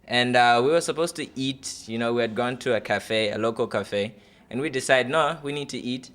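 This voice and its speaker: A man's voice: medium pitch, normal speed, fairly bright tone. A man in his twenties performing a stand-up comedy audition set, loose and chatty with many fillers. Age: 20s.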